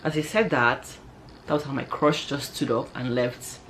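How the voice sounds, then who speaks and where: A young adult woman vlogger telling a personal story in an animated, chatty way, peppered with "like" and "yo.". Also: a bass voice, normal speed, a little hiss or hum. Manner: animated, chatty, heavy use of "like" and "yo". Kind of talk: casual storytelling to camera.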